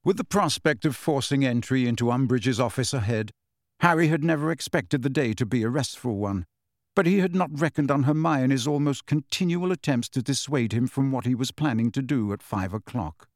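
A man reading a novel aloud in measured, even audiobook narration. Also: medium pitch, dry recording, studio quality.

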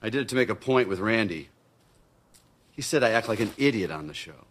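An actor playing a boastful, goofy middle-aged TV tool-show host in a sitcom, jokey and showy. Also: male voice, fairly low pitch, animated, fairly quick. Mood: reflective. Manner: jokey, showy, then quiet and reflective. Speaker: TV home-improvement show host. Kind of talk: sitcom acting.

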